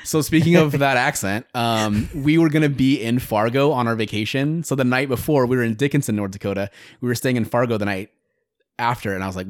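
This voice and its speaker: Male podcast co-host, casual crude banter, middle pitch, dry sound. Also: fairly quick, dry recording. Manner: crude, animated storytelling with voiced quotes. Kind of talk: casual chat.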